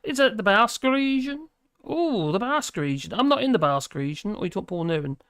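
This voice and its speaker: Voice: medium pitch, lively intonation, a little fast, a bit bright, clear, resonant tone, no room sound, studio quality. A host with a British accent chatting casually on a live stream, reading out viewer comments and humming between them. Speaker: livestream host.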